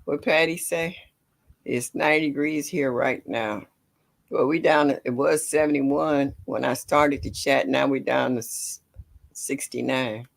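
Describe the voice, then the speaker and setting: Gravelly older woman chatting on a livestream. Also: extremely low pitch, steady tone, unhurried. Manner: greets viewers by name, chatty and affectionate. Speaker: livestream host. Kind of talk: casual livestream chat.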